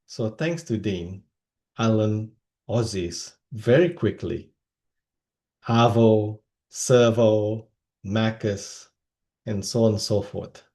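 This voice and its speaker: A man's voice: on the low side, slow pace. A man from Indonesia giving a humorous personal-story speech at a speaking club. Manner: animated, comic storytelling with voices.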